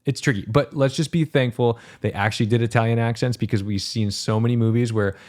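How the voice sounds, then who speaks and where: A man's voice: medium pitch, fairly even intonation, brisk, a little mellow. A man hosting a podcast, chatting casually and animatedly, with emphatic repetition and some swearing. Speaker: podcast host. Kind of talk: casual chat.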